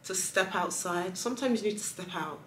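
A woman's voice: medium pitch, fairly quick, fairly bright tone, reverberant, recorded from a distance, poor audio. A young woman chatting casually to camera as a travel vlogger while she gets ready in a hotel room, joking about herself as she goes. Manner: chatty, self-deprecating, talks to viewers while getting ready. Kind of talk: casual vlog chat to camera.

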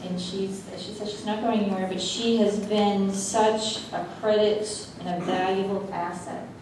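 A woman's voice: medium pitch, steady tone. Lady board member praising a colleague, lots of ums, far mic, big echo. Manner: halting, warm tribute with many fillers. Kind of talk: tribute speech at a public meeting. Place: school board meeting room. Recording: echoey hall, mic from far off, noisy.

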